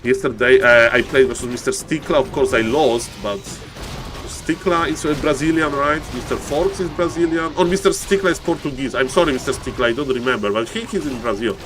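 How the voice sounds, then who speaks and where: A man casting a strategy game live on stream, excitable and chatty, often shouting with excitement and thanking viewers by name. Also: brisk, music in the background. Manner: excitable, repeats "ladies and gentlemen", bursts into high-pitched shouts. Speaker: game caster. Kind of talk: live-streamed esports commentary.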